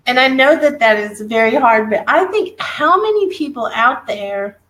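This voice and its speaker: A woman's voice: on the high side, animated, normal speed, fairly bright tone, poor audio. A woman interviewing a guest, encouraging and gushing, laughing along as she talks. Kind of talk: warm conversational interview.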